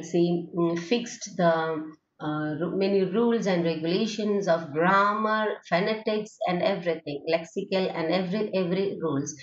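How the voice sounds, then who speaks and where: A woman teaching English phonetics in a recorded lecture, talking in a hesitant way with many fillers and restarts and checking in with "okay?". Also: on the low side. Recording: dull, lo-fi, roomy recording.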